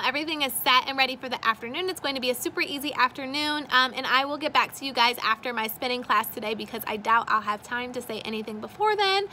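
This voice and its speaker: A woman's voice: on the high side, a little hiss or hum. A young woman, a kindergarten teacher, chatting casually and expressively to her vlog audience. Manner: chatty and expressive, dramatic retelling. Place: out and about with handheld camera.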